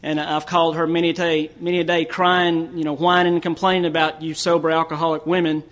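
A man's voice: a little high, level tone, fast, a bit bright. A middle-aged man from Tennessee, telling rambling, folksy jokes as a speaker at a recovery meeting, repeating his words as he goes. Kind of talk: storytelling talk with jokes.

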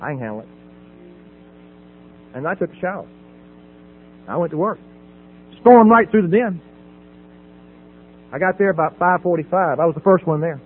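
A middle-aged man giving a personal testimony at a recovery meeting podium, dramatic, swinging from loud emphasis to hushed quiet. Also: a little high, expressive, moderate pace, long pauses, phone-quality sound. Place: at a podium before an audience. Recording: phone-thin audio with faint hum.

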